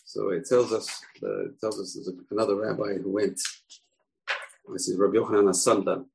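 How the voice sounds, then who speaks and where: A man teaching through an animated storytelling lesson. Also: on the low side, moderate pace, gravelly, slight background noise, poor audio.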